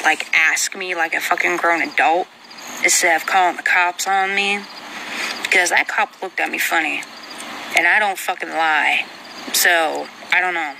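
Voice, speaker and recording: A woman's voice: on the low side, vocal fry, background noise. A young woman venting at home in an agitated rant, swearing heavily throughout. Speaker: vlogger. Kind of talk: venting monologue.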